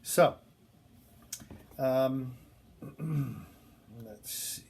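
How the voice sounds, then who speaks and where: A man's voice: mid-range voice, drawn-out words, vocal fry, a little mellow, a little hiss or hum. A man giving a classroom lecture, talking casually with many ums and restarts as he tells a story from his work.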